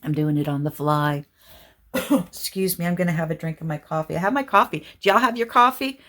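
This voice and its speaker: A middle-aged woman chats loosely to her viewers as a craft channel host. Her voice sits a little low, and she rambles, jumping from one thought to the next at a quick clip. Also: fairly bright tone. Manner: rambling, chatty, talks fast and apologizes for it. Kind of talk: casual chat to viewers.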